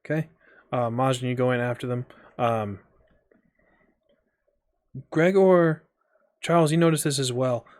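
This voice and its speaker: A man's voice: medium pitch, fairly even intonation, measured pace, long pauses, a little mellow, no room sound. Casual man running a tabletop game. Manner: loose, filler-heavy narration with frequent ums. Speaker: game master.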